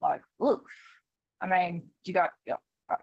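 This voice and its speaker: A woman's voice: fairly low pitch, measured pace, creaky, husky, dry recording. Rambling woman on a dull line. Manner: rambling, filler-heavy. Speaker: guest. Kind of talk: casual chat. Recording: dull dry sound.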